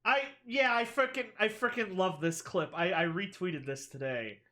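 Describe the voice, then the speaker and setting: A live streamer giving casual reaction commentary, excitable, gushing loudly and then trailing off into mumbles. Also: mid-range voice, normal speed. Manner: excitable, swings between loud gushing and mumbling. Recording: clear music under the voice. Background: background music.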